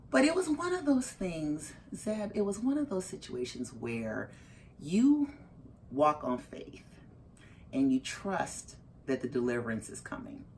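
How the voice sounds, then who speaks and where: A middle-aged woman, the mother of a parolee, telling her story in an interview and acting out her own reactions with big leaps in her voice. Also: a little hiss or hum. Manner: animated, acts out her own reactions with big jumps in pitch.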